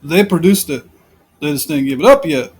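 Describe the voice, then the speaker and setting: A man's voice: fairly high pitch, animated, moderate pace, a little mellow, slightly rough, low-quality recording. A man giving informal, rambling commentary on scripture, repeating himself and piling up rhetorical questions. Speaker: Bible commentator.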